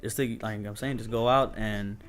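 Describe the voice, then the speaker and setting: A man's voice: fairly low pitch, fairly even intonation, moderate pace, soft background music. Laid-back man telling club stories. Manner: laid-back storytelling, says "dude" and "bro" a lot, laughs often. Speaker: guest DJ. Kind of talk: casual interview chat.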